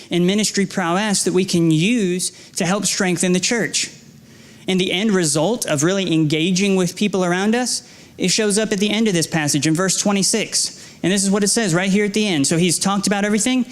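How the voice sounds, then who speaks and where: Young guy preaching in church, pretty high voice, earnest, repeats himself a lot, stumbles on words. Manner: earnest, exhorting, with repeated phrases and self-deprecating stories; restarts and stammers when emphasizing. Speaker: guest preacher. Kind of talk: sermon. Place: church sanctuary.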